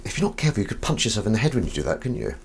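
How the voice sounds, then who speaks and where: A man hosting a casual live stream, joking with his chat and swinging between loud greetings and mumbled asides. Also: lowish voice, big pitch swings, rapid-fire, vocal fry, slight background noise. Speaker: livestream host.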